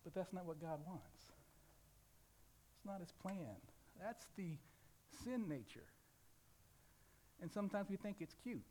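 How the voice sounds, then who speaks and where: A man from the Ozarks preaching a sermon as pastor, swinging between loud emphasis and hushed lines, asking his listeners rhetorical questions. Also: high-pitched, big pitch swings, a little slow, long pauses, a little hiss or hum. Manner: asks rhetorical questions, acts out a crying baby.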